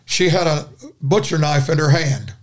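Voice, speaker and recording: A man's voice: a little high, moderate pace. An older man, a guest preacher, telling a dramatic story in a folksy, rambling way during a podcast conversation.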